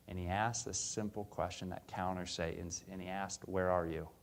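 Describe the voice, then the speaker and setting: A young man preaching a sermon in a church, earnest and conversational, telling personal stories with the odd filler. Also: low-pitched.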